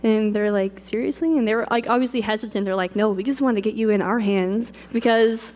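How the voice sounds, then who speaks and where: A woman's voice: medium pitch, a little mellow. A young woman from Canada, a wedding photographer telling a personal story at length, full of "like" and quoted self-talk. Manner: fast, filler-heavy retelling with many "like"s and acted quotes. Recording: long reverb of a large hall.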